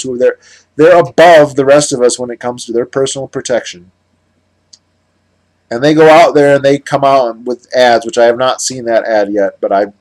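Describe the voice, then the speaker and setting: A man's voice: medium pitch, a little mellow. Heated American man ranting to camera. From United States. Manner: heated, sarcastic, rambling with restarts. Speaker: political commentator. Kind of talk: ranting monologue vlog.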